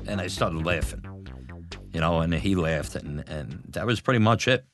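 A middle-aged man recounting an old memory in an interview, animated and acting out the voices of others. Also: low voice, normal speed, faint music behind. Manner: animated, acts out quoted voices. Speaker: former batboy interviewee. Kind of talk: storytelling interview.

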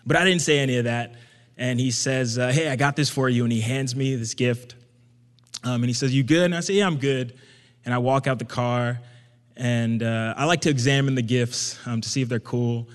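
A young man telling a personal story to an audience in a casual, conversational way, getting animated when he quotes himself. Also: medium pitch, normal speed. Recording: long hall reverb.

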